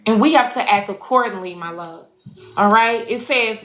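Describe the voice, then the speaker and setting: Profane, bright woman spiritual reader. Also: a little high, measured pace. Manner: profane, affectionate, preachy, addresses viewers as y'all and baby. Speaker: spiritual life coach and intuitive reader. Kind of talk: casual tarot reading livestream. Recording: echoey room with faint music.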